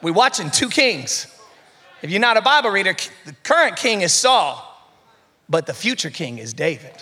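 High bright-voiced preacher in a big hall. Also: male voice, very animated, moderate pace, husky. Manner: preaching with rising fervor, acting out Bible voices and calling out to the congregation. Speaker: pastor. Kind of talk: sermon. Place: large church hall. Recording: long reverb of a large hall.

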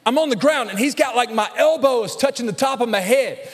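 A man in his thirties preaches to his church, his voice sitting high for a man. He tells a story with humor, slipping into acted-out quotes, and a long hall reverb trails his words. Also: fairly quick, husky. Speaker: pastor. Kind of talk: sermon. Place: church sanctuary.

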